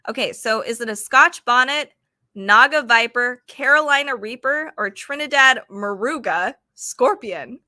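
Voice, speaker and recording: A woman with a bright, fairly high voice hosts a relaxed trivia livestream. She reads out questions and chats with viewers in a friendly, apologetic way. The sound is dry and close, with no room echo. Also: normal speed. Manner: chatty and apologetic, reading questions aloud to chat. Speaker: livestream host running trivia games. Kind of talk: casual livestream chat.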